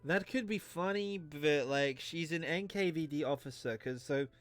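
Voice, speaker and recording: A man's voice: on the high side, normal speed, faint music behind. Tipsy man rambling through a game. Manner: rambling, self-mocking, crude. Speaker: streamer. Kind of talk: drunken game commentary.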